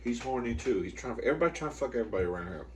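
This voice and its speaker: Campy guy rambling a story to camera, swears a lot, says girl constantly, squeals up high when he quotes himself. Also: lively intonation, rapid-fire. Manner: campy, profane, chatty, calls the viewer "girl"; loud high-pitched yelps when quoting himself or scolding dogs. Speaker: comedy mukbang host.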